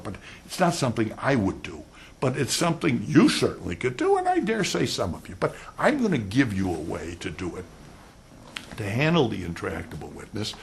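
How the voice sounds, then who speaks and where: A man's voice: lowish voice, gravelly, a little hiss or hum. An older man giving a law lecture, telling stories animatedly and acting out quotes. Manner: animated storytelling, acts out quotes.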